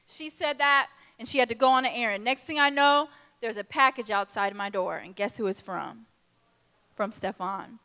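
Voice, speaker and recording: A young woman speaking at a girls' conference, telling a lively personal story and acting out the people in it. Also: high voice, normal speed, smooth. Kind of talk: testimony talk to a youth audience. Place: large conference hall. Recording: reverberant hall.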